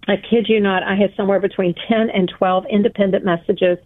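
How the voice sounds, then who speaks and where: Her voice is mid-range, steady in tone and a little fast as this guest author shares a personal story in an interview. Earnest and emphatic, she repeats phrases for weight. It's a phone call, so the sound is tinny and dry.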